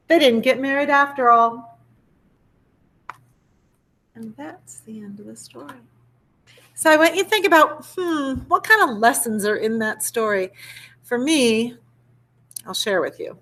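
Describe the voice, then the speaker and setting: Animated woman reading a storybook aloud. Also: a little high, a little slow, long pauses. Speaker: elementary school teacher. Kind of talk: reading a picture book aloud.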